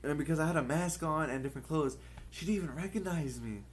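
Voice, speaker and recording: A man's voice: a little high, quick pace, a little hiss or hum. Young man telling a rambling story. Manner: rambling, profane, acts out others' lines. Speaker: podcast co-host. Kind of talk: casual storytelling chat.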